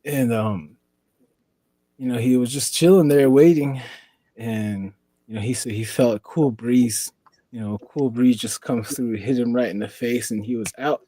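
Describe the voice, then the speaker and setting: A man's voice: medium pitch, moderate pace, dark tone, dry recording, rough recording. A man from the Four Corners region of the US, a podcast guest telling a long story in a rambling way and leaning on "you know". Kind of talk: casual storytelling.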